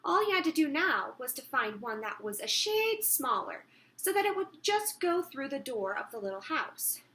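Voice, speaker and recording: A woman reads a children's book aloud in an expressive, storytelling way. Her voice is high and bright, and it rises and falls as the story moves along. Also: normal speed. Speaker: teacher reading aloud.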